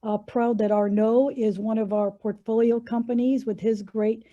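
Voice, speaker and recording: A woman's voice: fairly high pitch, flat delivery, normal speed, mellow. A woman moderating a virtual panel, talking in an enthusiastic, upbeat way. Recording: dull lo-fi video call audio.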